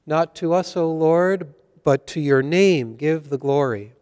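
A man leading Mass and reading scripture aloud as a priest, in a measured liturgical way. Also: fairly high pitch, a little mellow. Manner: slow, measured liturgical delivery. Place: church. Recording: church hall reverb.

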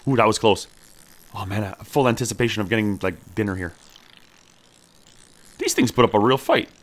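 In casual let's-play commentary, a gameplay streamer talks to his character in a survival game and cheers every catch. His voice is on the low side and his speed is normal.

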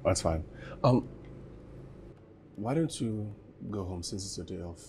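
An actor playing a wealthy boss who talks in a tired, pleading way. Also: male voice, low-pitched, lively intonation, measured pace, noisy background. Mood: appreciative. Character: wealthy boss, man, weary and gentle. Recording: music playing underneath.

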